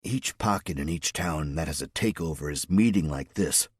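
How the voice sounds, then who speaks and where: Male reader as a steady, soft-spoken planner; low, husky, dry. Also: no echo, heavily acted. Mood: measured. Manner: quiet, measured. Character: calm older man, former gym teacher, resistance planner.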